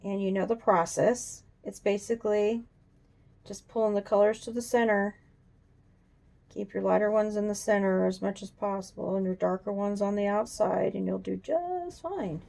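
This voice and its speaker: Woman, coloring tutorial host, casual chat, thinks out loud, gravelly, mellow tone. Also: mid-range voice, moderate pace. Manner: chatty, thinks aloud, talks to her drawing. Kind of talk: casual demonstration while drawing. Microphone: camera on a tripod.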